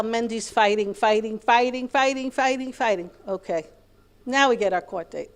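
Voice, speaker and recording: A middle-aged American woman with a mid-range voice lectures in a Torah class. She tells a long family story, repeating herself a lot and using many Hebrew terms.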